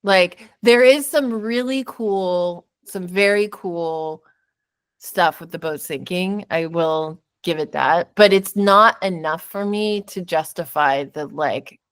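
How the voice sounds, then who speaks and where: A woman's voice: lowish voice, takes it slowly, clear, resonant tone. A woman hosting a podcast, chatting casually and animatedly about a movie, often laughing. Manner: animated, laughing, mocking voices. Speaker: podcast host. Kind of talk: casual chat.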